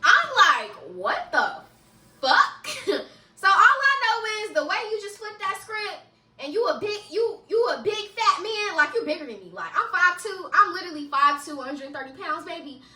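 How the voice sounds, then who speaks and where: A young woman telling a casual story-time vlog, animated and laughing often, with frequent swearing, recorded in an echoey room a little away from the mic. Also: very high voice, moderate pace, distant mic. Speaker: vlogger.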